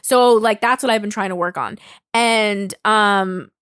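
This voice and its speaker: A young woman talking bluntly in a casual chat, animated and swearing freely. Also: medium pitch, unhurried, smooth, no echo, clean studio sound.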